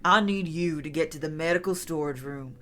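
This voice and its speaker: Streamer lady doing a fed-up lady doctor barking orders, low bright voice. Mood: brisk. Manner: brisk and tired, giving orders. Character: weary, curt woman doctor on an intercom.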